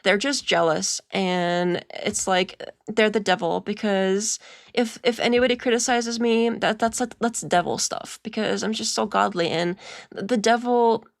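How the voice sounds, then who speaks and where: A woman's voice: medium pitch, steady tone, measured pace, vocal fry, no room sound, clean studio sound. A woman parodying a smug, self-righteous pious woman in a sarcastic sing-song tone. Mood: mocking.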